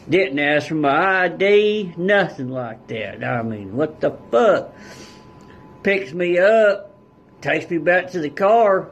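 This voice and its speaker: A man's voice: on the high side, slight background noise. A man guest on a podcast telling a story in a casual, blunt way, with heavy swearing and rural turns of phrase. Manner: blunt and heavily profane, rural dialect.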